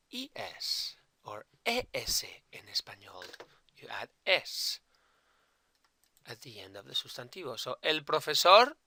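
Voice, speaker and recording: A male language teacher who takes his time, with a bright, forceful voice, repeating and spelling out each example word. He slips Spanish terms into his English explanation. The recording is dry and close. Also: medium pitch, dry recording. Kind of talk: explaining Spanish grammar to learners.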